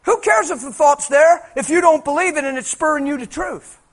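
Animated high-voiced preacher. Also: male voice, normal speed. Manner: animated, conversational, colloquial. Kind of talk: sermon.

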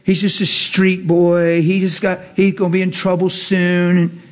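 A man preaching, telling a personal story with acted-out dialogue and emphatic rising passages. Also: moderate pace. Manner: animated, acts out dialogue, rises to emphatic highs. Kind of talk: sermon storytelling.

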